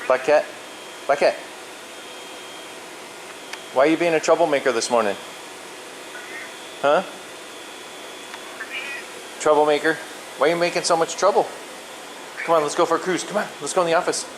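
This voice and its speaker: On the high side and at normal speed, a cat caretaker's voice pauses often as he films a feral cat inside a building. He uses sing-song pet talk, repeating the cat's name and asking it playful questions. Audio is poor, with a steady air conditioner hum.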